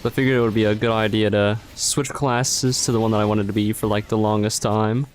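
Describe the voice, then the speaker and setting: A man's voice: fairly low pitch, flat delivery, a little fast. A man casually narrating his moves while streaming a game, tired and mumbling as he plays. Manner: mumbled play-by-play, trailing off. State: sleepy. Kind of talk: casual gaming livestream commentary.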